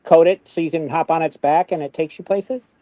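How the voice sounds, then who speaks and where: Male co-host, higher pitch, dry close mic, teasing, halting delivery. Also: fairly even intonation, mellow, no room sound. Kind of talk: casual livestream chat.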